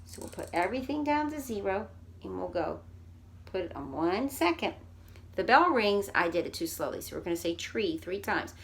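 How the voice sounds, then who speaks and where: Woman teaching speech drills. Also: on the low side. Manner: clear, exaggerated drills of sounds. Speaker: speech therapist. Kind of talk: instructional demonstration.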